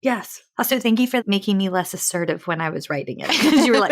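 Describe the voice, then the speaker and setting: A woman hosting a podcast, effusive and animated, laughing often as she introduces her guest. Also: mid-range voice, quick pace. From South Carolina. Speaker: podcast host. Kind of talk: enthusiastic interview chat.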